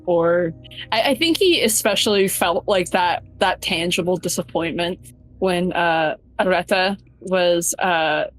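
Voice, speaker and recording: A woman playing her character in a tabletop game, talking slowly and thoughtfully about him, with bursts of loud laughing exclamations. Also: lowish voice, rough recording.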